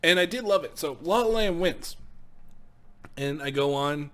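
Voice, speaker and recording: A young man giving casual movie commentary in a vlog, excitable and swearing freely, laughing often. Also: a little high, unhurried. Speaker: movie vlogger.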